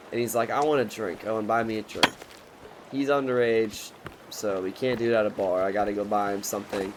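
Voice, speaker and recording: A man's voice: lowish voice, background noise. A man in his twenties telling a rambling, profane storytime in a casual, joking way. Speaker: vlogger.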